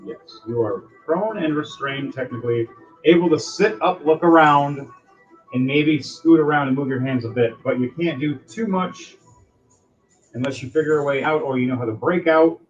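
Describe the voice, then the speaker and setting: A man's voice: a little high, normal speed. Man as game master, rambling narration, dull lo-fi sound, faint music behind. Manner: loose, rambling descriptions.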